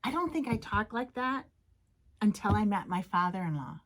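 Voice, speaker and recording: A woman's voice: mid-range voice, sing-song, normal speed, a bit bright. A woman from Minnesota with a Minnesota accent, co-hosting a casual craft chat and chiming in agreeably. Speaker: co-host. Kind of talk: casual chat about cross-stitch.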